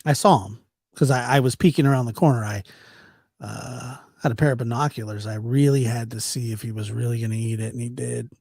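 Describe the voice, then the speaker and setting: A man telling a casual anecdote, animated and chuckling as he acts out the people in it. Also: mid-range voice, brisk, creaky, dry recording, studio quality. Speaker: storyteller.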